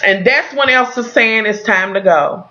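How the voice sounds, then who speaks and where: A woman vlogger recapping a TV episode for her viewers in a casual, animated, heavily profane way, talking straight to the camera. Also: mid-range voice, moderate pace, highs cut off.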